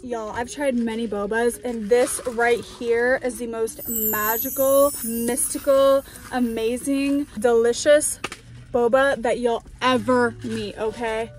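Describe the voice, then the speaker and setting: Over background music, a young woman narrates her day-in-my-life vlog, bubbly and chatty, tossing in trendy slang and laughing often. Her voice is a little high, fairly even in intonation, and slow.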